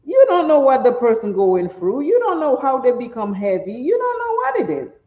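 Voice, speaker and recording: A middle-aged woman, chatting and telling stories while doing her makeup, animated and laughing often. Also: high-pitched, moderate pace. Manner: animated, laughs often, acts out quoted speech. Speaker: makeup vlogger. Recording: roomy, slightly dull home recording.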